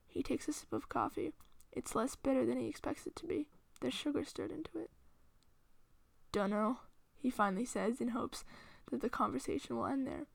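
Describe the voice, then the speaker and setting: A woman reading fan fiction aloud in a steady, hushed storytelling voice. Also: high voice, fairly quick, creaky, husky, no echo. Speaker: reader.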